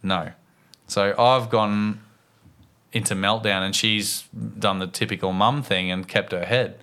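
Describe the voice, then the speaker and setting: An Australian man co-hosting a podcast, telling a story in an animated, tumbling way. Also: fairly low pitch, a little slow. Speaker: podcast co-host. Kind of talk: casual chat, storytelling.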